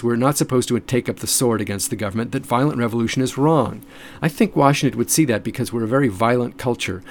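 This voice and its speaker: A man's voice: mid-range voice, slight background noise. A man giving an emphatic, lecture-style commentary, repeating points and restarting phrases.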